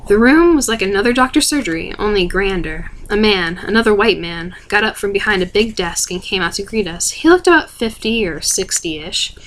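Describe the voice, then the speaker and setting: Woman reading a book aloud, soft steady asmr narration. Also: medium pitch. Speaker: reader.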